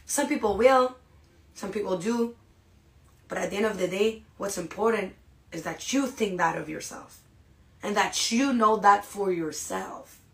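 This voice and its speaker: A woman hosting a podcast, giving an energetic, casual motivational talk and often checking in with "right?" and "you guys". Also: mid-range voice, a little slow. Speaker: podcast host. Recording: echoey room.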